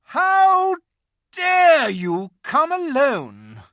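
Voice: mid-range voice, huge pitch swings, slow pace, a bit bright, no echo, studio quality, voice pushed up, exaggerated voice. A reader doing a cruel, imperious witch queen. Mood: cold fury. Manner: commanding, terrible voice.

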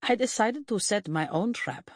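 A reader doing a haughty Prussian prince with a German accent. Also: male voice, high voice, animated, moderate pace, husky, dry recording, clean studio sound, voice pushed up. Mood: explaining. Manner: haughty, sneering, drawling. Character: arrogant, sneering Prussian prince, adult man.

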